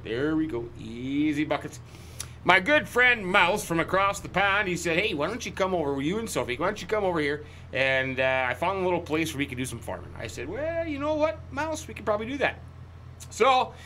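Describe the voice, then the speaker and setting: A man narrates his farming game in a folksy, rambling way, full of jokey asides and sudden exclamations. His voice sits a bit high for a man and rings bright and forceful, with faint ambient noise behind him. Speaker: gaming channel host. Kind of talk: in-character let's-play commentary.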